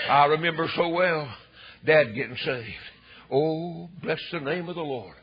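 A fervent older preacher with a high, husky voice. He tells his story emphatically and climbs into shouts. The recording is dull and lo-fi. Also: fairly quick.

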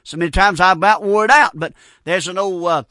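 A male preacher telling stories in a folksy sermon, with a very high, bright voice. He is animated and keeps dropping in amens. The sound is dry and close. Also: brisk, no room sound. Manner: folksy, repeats amen, animated storytelling.

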